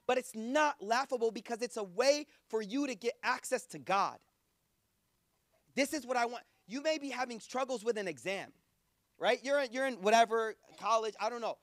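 A man's voice: very high voice, moderate pace, a bit bright, no echo, clean studio sound. A man preaching in a casual, conversational way, acting out quoted voices. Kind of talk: sermon.

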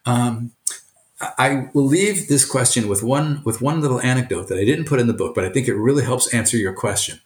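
An older man from Brooklyn, USA, a retired teacher and author with a mid-range voice, answers interview questions earnestly. He often halts and restarts, and the recording has an echoey room sound.

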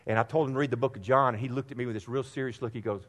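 A man's voice: medium pitch, steady tone, very fast. Earnest male pastor preaching in a reverberant hall. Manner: earnest, addresses congregation directly, repeats phrases for emphasis. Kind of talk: sermon. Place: church sanctuary.

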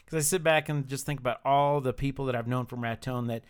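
A man's voice: medium pitch, fairly even intonation, quick pace, clean tone. Man, co-host, casual chat, supportive, short agreeing replies. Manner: supportive listener, short affirmations, laughs along. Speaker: podcast co-host.

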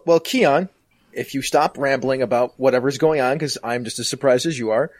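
A man playing a tabletop game, talking in a lively way. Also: mid-range voice, moderate pace, dry recording. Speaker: player.

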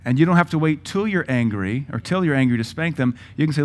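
A man's voice: a little high, expressive, quick pace, a little mellow. Emphatic male preacher. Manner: emphatic, punchy lists of words. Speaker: pastor. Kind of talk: sermon.

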